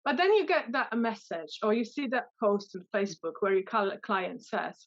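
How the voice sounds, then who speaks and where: A woman's voice: mid-range voice, normal speed, hardly any pauses, dull audio. A woman dog trainer answering interview questions in a hesitant way, with many fillers and restarts.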